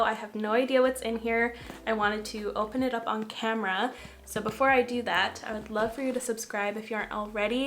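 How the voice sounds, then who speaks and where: Bubbly, excitable young woman vlogger. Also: fairly high pitch. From Canada. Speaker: makeup vlogger. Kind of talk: casual beauty vlog chat.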